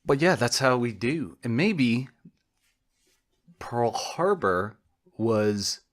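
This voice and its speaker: A man's voice: medium pitch, very animated, drawn-out words. A young man co-hosting a podcast alone, rambling and meandering with jokey asides and self-interruptions. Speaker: podcast co-host. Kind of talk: solo rambling podcast monologue.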